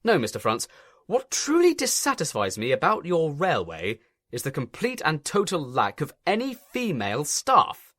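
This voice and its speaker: A man's voice: fairly high pitch, huge pitch swings, moderate pace, fairly bright tone, no echo, studio quality, pitched above the performer's own voice, heavily acted. A man voicing a pompous, stern male railway inspector who talks in a fussy, officious way.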